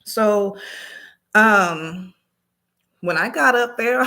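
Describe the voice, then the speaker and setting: A woman vlogger telling a story casually, acting out the dialogue with lively energy. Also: mid-range voice, unhurried, pauses often. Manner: animated, acts out dialogue.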